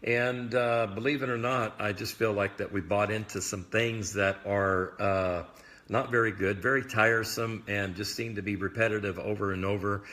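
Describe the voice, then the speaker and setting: A man with a slightly low but bright, forward voice speaks off the cuff in a casual livestream. He rambles as a minister sharing thoughts, circling back with plenty of fillers and quick asides. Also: steady tone. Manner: rambling, loose, filler-heavy talk; admits talking fast. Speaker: prophetic minister. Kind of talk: casual live video chat.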